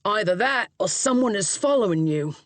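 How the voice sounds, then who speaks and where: A man's voice: high voice, expressive, moderate pace, dry recording. A woman voicing a cheery male London cab driver with a heavy Cockney accent and a breezy way of talking. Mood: wry. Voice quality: breezy, calls people love.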